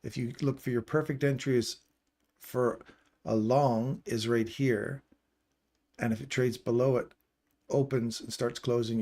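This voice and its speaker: A man's voice: mid-range voice, a little mellow. A man hosting a live trading stream, casually walking through chart levels and explaining entries as he points them out.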